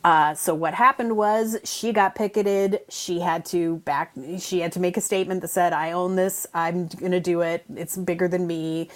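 A woman with a somewhat low voice, talking through entertainment news on the radio in a casual, explanatory way. She restarts her phrases often as she works through the details. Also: steady tone, moderate pace, few pauses.

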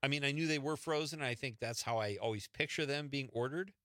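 A man's voice: mid-range voice, quick pace, sharp tone, no room sound, studio quality. A man hosting a late-night radio show, chatting easily and laughing often as he reads listener texts. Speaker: radio host. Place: radio studio.

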